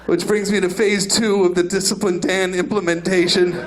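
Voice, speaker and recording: Brash deadpan high-voiced comedian. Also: male voice, moderate pace. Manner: brash deadpan delivery of outrageous lines. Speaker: stand-up comedian and channel host. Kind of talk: stand-up comedy. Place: comedy club stage.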